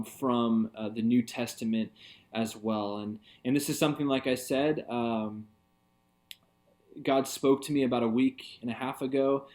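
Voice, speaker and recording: A man's voice: mid-range voice, a little mellow. A man, a pastor, giving an earnest, reflective devotional talk in a conversational way.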